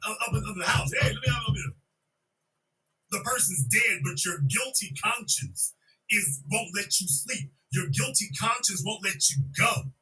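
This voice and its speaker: A man's voice: high-pitched, bright, forceful tone, recorded from a distance, low-quality recording. A man hosting a podcast, giving blunt, slangy commentary on clips and repeating his points. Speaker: podcast host.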